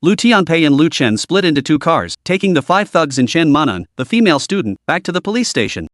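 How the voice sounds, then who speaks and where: Steady male story narrator, dry sound. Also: a little high, fairly quick, dry recording. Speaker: recap narrator.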